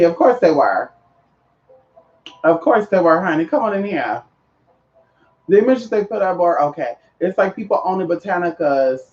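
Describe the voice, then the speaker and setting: A man's voice: sits high, muffled recording. A man chatting casually to viewers about spiritual practice, sassy and flamboyant, calling everyone girl and honey. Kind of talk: casual live chat.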